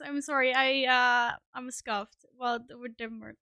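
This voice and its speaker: A woman's voice: a little high, steady tone, a little slow, bright, forceful tone, clear, resonant tone, dry recording, clean studio sound. A woman streamer chatting casually and scatteredly with her viewers, self-deprecating and swearing often. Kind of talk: casual live-stream chat.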